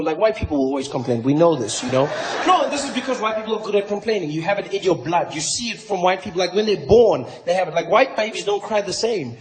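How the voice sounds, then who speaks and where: A man performing stand-up in a large live venue, lively and loud in bursts. His voice sits high for a man. Clear crowd noise runs under the stage recording. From South Africa. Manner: animated, shifting between shouts and mutters. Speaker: stand-up comedian. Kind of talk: stand-up comedy set.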